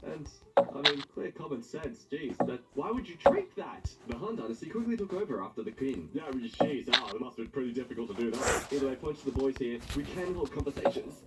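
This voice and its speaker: A man's voice: mid-range voice, animated, a little fast. Wisecracking man, distant noisy mic. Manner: sarcastic, wisecracking. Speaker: meme commentator. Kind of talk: reading posts aloud with joking commentary. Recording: distant mic with loud background noise.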